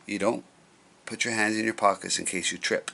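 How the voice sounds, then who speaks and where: A man's voice: on the low side, steady tone, fairly quick, creaky, pushed and bright. A man voicing a fussy mother giving careful warnings in a read-aloud storybook. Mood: instructing. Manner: instructive, fussy.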